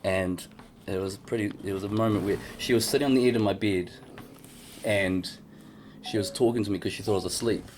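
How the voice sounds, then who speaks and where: A man chatting on a podcast in a somewhat low voice. He tells his story in a loose, rambling way, filling it with "like" and "you know." He is frank and swears without thinking about it. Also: fairly quick, a little mellow, slight background noise. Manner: rambling, filler-heavy storytelling. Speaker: podcast co-host. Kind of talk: casual podcast chat.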